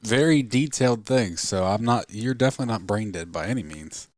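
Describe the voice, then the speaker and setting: A man's voice: fairly low pitch, animated, brisk, dry recording. A man hosting an interview, mostly giving brief encouraging replies. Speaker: podcast host. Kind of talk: interview, listening.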